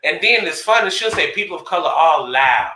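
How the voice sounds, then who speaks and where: A man co-hosts a relaxed talk show, telling stories with plenty of laughter. His voice sits a little high, bright and swinging widely in pitch. The sound has a roomy echo. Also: fairly quick. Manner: animated, laughing storytelling. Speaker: co-host. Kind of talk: casual chat.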